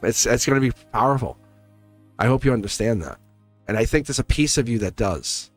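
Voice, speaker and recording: A man at a mid-range pitch gives a live tarot reading over soft music. He talks earnestly and with emphasis, circling back on his phrases and tripping over words as he goes. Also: expressive, a little fast. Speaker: tarot reader.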